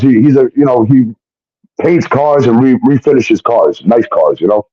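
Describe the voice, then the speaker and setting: Animated man, storytelling. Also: medium pitch, moderate pace, no room sound. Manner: animated, acts out quoted voices, swears often. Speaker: show guest telling his story. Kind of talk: profane storytelling monologue. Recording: dull lo-fi stream audio.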